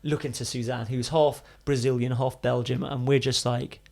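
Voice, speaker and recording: A young man, a podcast guest, telling a story in a casual, animated way with casual swearing and chatty asides. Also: mid-range voice, normal speed, gravelly.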